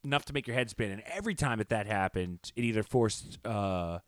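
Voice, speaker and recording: A man co-hosts a sports podcast in a fairly low voice, riffing on football with strong opinions and frequent restarts. The sound is dry and close to the mic. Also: expressive, brisk, dry recording. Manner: opinionated, talks in long runs with restarts. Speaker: podcast co-host. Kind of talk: casual sports talk.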